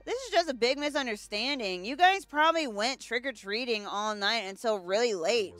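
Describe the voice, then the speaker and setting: A young woman commenting on her gameplay, excitable, swearing and joking. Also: high-pitched, moderate pace, dry recording, faint music behind. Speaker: gaming channel host. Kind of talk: let's play commentary.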